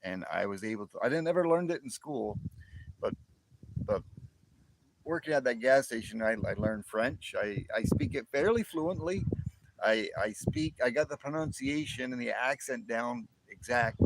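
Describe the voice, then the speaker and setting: Medium in pitch and creaky, this man's voice moves at a moderate pace over background noise. He is a livestream host in his fifties from northern New York by the Canadian border, rambling in a casual chat with viewers, repeating words and chuckling often.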